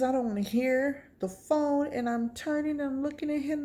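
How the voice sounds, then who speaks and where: A woman's voice: high-pitched, moderate pace, hardly any pauses, warm tone. A woman vlogger telling a personal testimony story, acting out her reactions with gasps.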